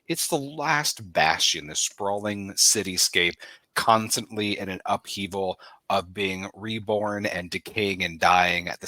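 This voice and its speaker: A man serving as game master, describing the setting in a measured, descriptive way. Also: low-pitched, sharp tone, dry recording.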